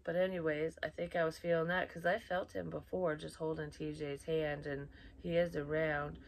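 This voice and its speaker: A woman's voice: low voice, flat delivery, normal speed, vocal fry. A middle-aged woman who works as a psychic medium, telling a rambling, casual story and swearing freely. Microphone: built-in mic, external microphone not plugged in.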